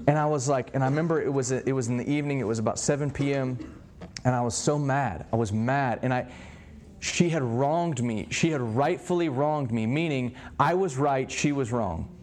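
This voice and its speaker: Animated man preaching in story mode. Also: medium pitch, normal speed, slight background noise. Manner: animated storytelling, acts out dialogue. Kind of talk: sermon-style teaching.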